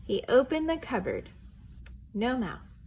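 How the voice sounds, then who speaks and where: Animated woman reading a picture book. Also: on the high side, measured pace, slight background noise. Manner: expressive, asks the young listeners questions. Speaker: children's storytime reader. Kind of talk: picture book read-aloud for preschoolers.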